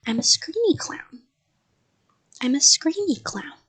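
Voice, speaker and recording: A woman voicing a loud, bossy little kindergarten girl who shrieks with excitement. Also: takes it slowly, full character voice. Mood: excited. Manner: shrill, excited, screaming.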